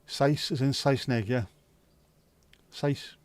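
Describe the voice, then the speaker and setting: A man's voice: mid-range voice, steady tone, slow. A man hosting a livestream, chatting casually with viewers, rambling and musing aloud with plenty of swearing. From Wales. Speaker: livestream host.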